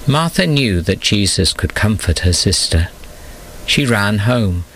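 Low-voiced man narrating a storybook. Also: slight background noise, low-quality recording. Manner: steady, measured reading.

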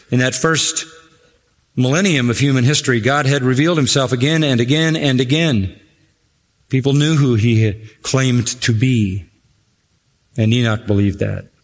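A man's voice: mid-range voice, a bit bright, in a large hall. A man preaching a sermon, stressing and repeating key phrases for emphasis.

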